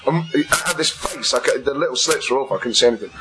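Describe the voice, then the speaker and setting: A man's voice: mid-range voice, quick pace, a crowd in the background. A man, a stand-up comedian, telling a funny story on a comedy panel and laughing often. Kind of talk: comic panel chat, anecdote. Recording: noisy live venue recording.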